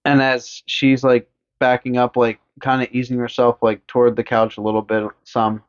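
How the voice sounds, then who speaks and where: A man co-hosting a podcast, recapping a horror movie in casual, rambling chat full of swearing, now and then slipping into quick voices for the characters. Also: mid-range voice, completely flat delivery, smooth. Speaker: podcast co-host. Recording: dull lo-fi podcast audio.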